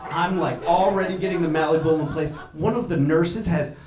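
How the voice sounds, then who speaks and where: A man's voice: fairly high pitch, moderate pace. Laughing male doctor telling a story. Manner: animated, laughing through the telling, acting out others. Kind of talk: live storytelling to an audience. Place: stage before a live audience. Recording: echoey room with a crowd.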